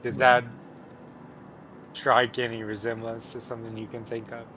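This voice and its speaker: A man chatting casually on a gaming stream, meandering and trailing off as he thinks out loud. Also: medium pitch, little pitch movement, normal speed, a little hiss or hum, low-quality recording. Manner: meandering, trails off and restarts thoughts. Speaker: co-commentator. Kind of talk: casual chat.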